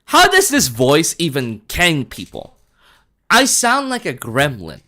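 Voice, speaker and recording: A man from the Philippines, chatting casually on a live stream, animated and laughing often, swearing and saying bro a lot. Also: a little high, slow.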